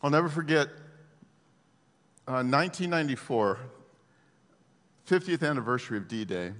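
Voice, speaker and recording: A man preaching a sermon who swings his pitch and volume widely, questions his listeners and laughs at his own asides. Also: expressive, moderate pace, a bit bright. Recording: long hall reverb.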